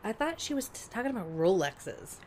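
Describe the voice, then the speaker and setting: A woman's voice: medium pitch, very animated, a little fast, a little mellow, slight background noise. A woman co-hosting a podcast in casual chat, asking curious, probing questions and reacting with short affirmations. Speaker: podcast co-host.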